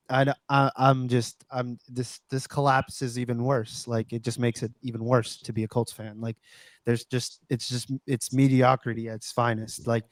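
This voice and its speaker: A man's voice: mid-range voice, darkish tone, no echo. Dry-voiced ranting man. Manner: ranting, swears, stumbles and restarts. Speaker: podcast co-host. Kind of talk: casual sports chat.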